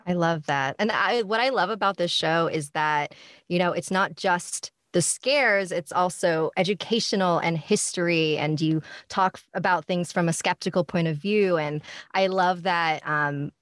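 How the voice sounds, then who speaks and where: A woman guest on a podcast talks with eager enthusiasm, laughing often and filling her sentences with "like." Her voice sits a little low and sounds dry and close, with no room echo. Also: normal speed, a bit bright. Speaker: guest, maker of spooky videos. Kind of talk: casual podcast chat.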